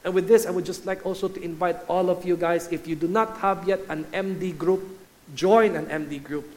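A man's voice: high-pitched, steady tone, fairly quick, a little mellow. A middle-aged man with a Filipino English accent, preaching an earnest sermon that builds to fervent peaks and calling the congregation "guys.". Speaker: pastor. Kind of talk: sermon with altar call.

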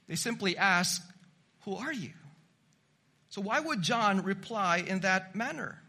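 A male preacher giving a teaching sermon at an unhurried pace. His voice sits high and sounds bright and forceful, and he hammers home key points with repeated, emphatic words. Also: expressive. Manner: measured teaching delivery, rising to emphatic repetition. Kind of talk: expository sermon.

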